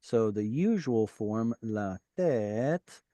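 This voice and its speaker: Male teacher, patient and encouraging, dry close sound, average pitch. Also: lively intonation, moderate pace, a little mellow, no room sound, dull audio. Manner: patient, explains and encourages students. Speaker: Hebrew teacher. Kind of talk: online class teaching. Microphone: video call.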